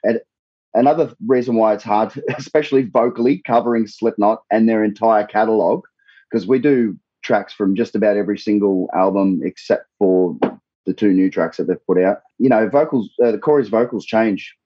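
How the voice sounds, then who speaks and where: An Australian man with a husky, low-set voice talks loosely about his band, swearing and circling back on himself. The sound is dry and close, with a slightly muffled, dull recording quality. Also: moderate pace, no room sound. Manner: swears freely, rambles with many restarts. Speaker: tribute band singer, guest. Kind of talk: casual interview chat.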